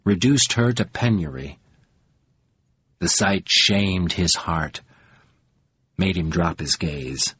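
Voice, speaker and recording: A man narrating an audiobook in a measured, deliberate reading. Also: mid-range voice, a bit bright, breathy edge, dry recording. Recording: dull, lo-fi sound.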